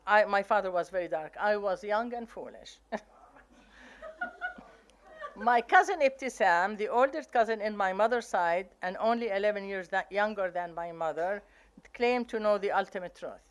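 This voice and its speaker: An older woman from Palestine with an Arabic accent, telling family stories from her memoir with lively, acted-out quotes. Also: mid-range voice, moderate pace. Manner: animated storytelling, acting out family quotes. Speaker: memoir author.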